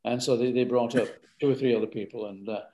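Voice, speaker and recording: A man's voice: mid-range voice, steady tone, fast talker, warm tone. A man with a northern English accent, an author chatting as a guest, rambling and often repeating words. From north of England. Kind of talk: casual interview chat.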